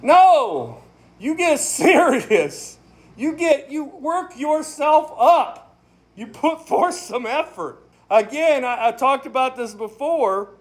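Casting: pastor with a high male voice, relaxed and folksy, emphatic, breaks into laughs. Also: takes it slowly. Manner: emphatic, conversational, laughs often. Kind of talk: casual sermon, Bible study.

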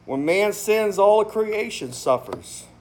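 A man's voice: sits high, lively intonation, takes it slowly, a little mellow. A man, a pastor, giving a casual, emphatic sermon in conversational language, laughing often. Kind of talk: casual sermon, Bible study.

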